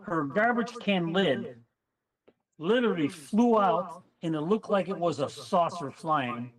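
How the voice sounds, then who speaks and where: A man casually telling a story on a chat panel, animated and acting out what people said. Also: high voice, measured pace, far from the mic, rough recording. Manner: animated storyteller, acts out quotes.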